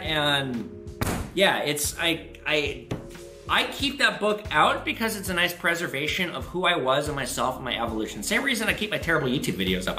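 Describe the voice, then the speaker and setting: Male host, fairly high and lively, casual and profane storyteller, echoey room with soft music behind. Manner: animated, profane, jumps to high pitch for quoted voices. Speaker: host answering viewer questions.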